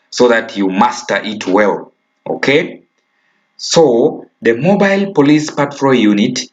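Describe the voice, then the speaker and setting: A man with a Ugandan English accent teaching a recorded primary school lesson, stressing key words and checking in with "okay?". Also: mid-range voice. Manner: slow, emphatic, repeats key words and asks "okay?". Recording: dull lo-fi recording.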